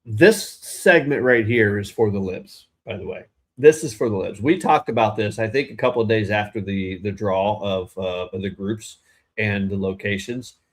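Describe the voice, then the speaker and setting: Speaking at a moderate pace in a fairly low register, a man shares opinions on a relaxed political podcast he co-hosts. His talk meanders, and he keeps starting thoughts over partway through.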